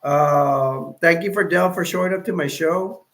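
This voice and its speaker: Male livestream host, fairly high voice, casual rambling delivery with frequent restarts. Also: normal speed, fairly bright tone.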